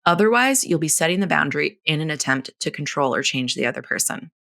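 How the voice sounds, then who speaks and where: A woman bright, gravelly, blunt podcast host. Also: deep voice, fast. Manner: blunt, frank and animated, swears casually, laughs often. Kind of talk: solo podcast coaching talk.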